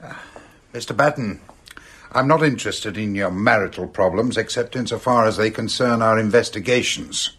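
An actor playing a brisk, matter-of-fact police inspector in a radio drama. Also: male voice, lowish voice, a bit bright, husky. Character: brisk male Scotland Yard inspector. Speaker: police detective.

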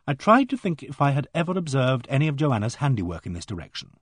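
A man's voice: mid-range voice, sing-song, fast, breathy edge, dry recording. A man reading a novel aloud in first person, with dry, wry storytelling, close to the mic. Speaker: audiobook narrator. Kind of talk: scripted narration.

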